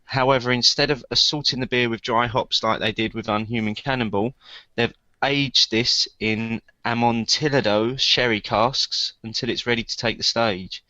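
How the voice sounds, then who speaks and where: A man's voice: medium pitch, steady tone, moderate pace, few pauses, sharp tone, no echo, muffled recording. A man co-hosting a casual podcast chat, talking hesitantly with many ums and repeated words. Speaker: podcast co-host.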